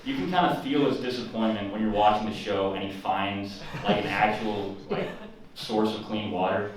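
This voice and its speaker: Young male open-mic comic, low-ish, halting delivery; far mic, echoey room, loud crowd. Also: fairly even intonation. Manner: hesitant, lots of "uh", self-deprecating. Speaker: stand-up comedian. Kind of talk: stand-up comedy set. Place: student comedy open mic.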